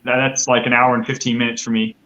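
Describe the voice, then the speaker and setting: A man's voice: medium pitch, flat delivery, fast talker, sharp tone, dull audio, a little hiss or hum. A man chatting as a guest beekeeper on a live call, eager and stammering with restarts. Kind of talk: casual chat.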